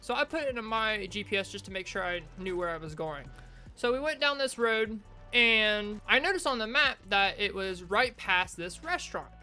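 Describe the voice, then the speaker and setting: A woman's voice: medium pitch, animated, normal speed, sharp tone, faint music behind. A woman casually telling rambling work stories while playing a video game, talking into a desk mic. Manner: rambling, chatty anecdotes with restarts. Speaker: gaming video creator. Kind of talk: casual storytelling over gameplay.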